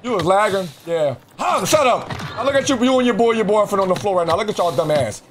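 A male streamer rattles off loud, taunting trash talk over his gameplay, full of swaggering slang. His voice is high-pitched and lively, and he talks fast. The gameplay audio has background noise.

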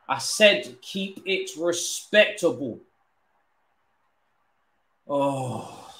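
A young man, commentating his own football game live, groaning, swearing and now and then cheering loudly. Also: medium pitch, lively intonation, extremely slow, long pauses, roomy sound. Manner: exasperated, groaning and swearing, swinging to loud cheers. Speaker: gaming streamer.

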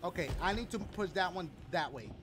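A man playing a video game and reacting aloud, swearing and yelling at the game and chatting to his viewers. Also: high-pitched, animated, a little fast, background noise. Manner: talks to viewers as "y'all". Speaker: gaming video host. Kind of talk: let's play commentary. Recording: loud game sounds behind voice.

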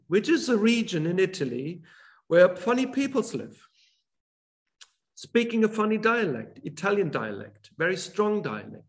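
A German man speaks English as a guest author, his voice sitting a little high for a man. He talks hesitantly, stopping and restarting with many fillers. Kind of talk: online talk.

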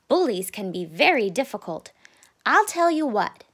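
A woman voicing a gentle, calm mother raccoon in a storybook, speaking in a soft, reassuring way. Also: fairly high pitch, normal speed, slightly rough, exaggerated voice.

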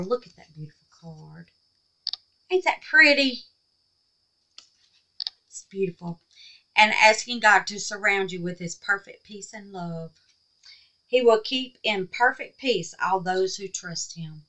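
Slow-talking woman with a bright voice. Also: medium pitch, rough recording. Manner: folksy and affectionate, often drops to a near whisper. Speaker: crafting channel host. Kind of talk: casual crafting vlog chat.

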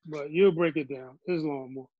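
A man's voice: fairly high pitch, moderate pace. Distant man answering in class. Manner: tentative, offering answers. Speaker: class participant. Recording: dull, distant lo-fi recording.

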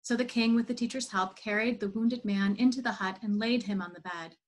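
A woman telling a parable in an online church service, in a measured, steady reading. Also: on the high side, poor audio. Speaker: worship leader.

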